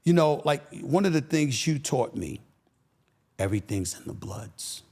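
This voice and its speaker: A man talking as a podcast guest, an animated, emphatic storyteller who repeats phrases for punch. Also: medium pitch, measured pace, vocal fry, husky. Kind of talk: casual interview talk.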